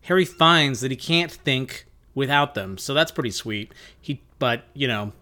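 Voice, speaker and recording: A man's voice: mid-range voice, animated, sharp tone. A man co-hosting a podcast, recapping a book chapter in casual, joking talk. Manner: jokey, summarizes with quick asides and silly voices. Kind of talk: casual chat.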